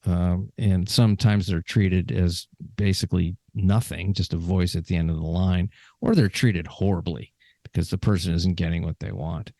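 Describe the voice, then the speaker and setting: Low-voiced chatty man, dry close mic. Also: fairly even intonation, moderate pace, vocal fry, warm tone, dry recording. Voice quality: chatty, rambling with restarts. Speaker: podcast host. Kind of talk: casual conversation.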